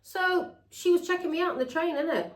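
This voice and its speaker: A woman's voice: very high-pitched, a little fast, echoey room, low-quality recording. A woman telling a long, rambling personal story to her viewers. She talks bluntly and swears freely. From England. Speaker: tarot reader.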